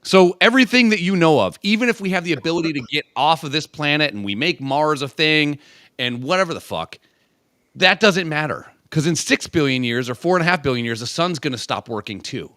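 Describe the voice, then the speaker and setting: A man chatting on a podcast, his pitch jumping all over as he rambles and swears. His voice is bright and a bit forceful, and it sits close and dry with no room around it. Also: brisk, dry recording. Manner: animated, crude, rambling with frequent profanity. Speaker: podcast co-host. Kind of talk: casual podcast chat.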